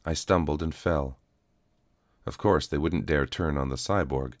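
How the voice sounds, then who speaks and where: Male narrator, calm first-person storytelling, extremely low voice, dry close mic. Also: measured pace, no echo.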